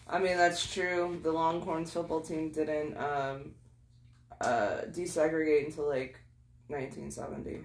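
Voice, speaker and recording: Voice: mid-range voice, steady tone, unhurried. A young adult fact-checking and correcting the others in a casual watch-along chat. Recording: roomy echo.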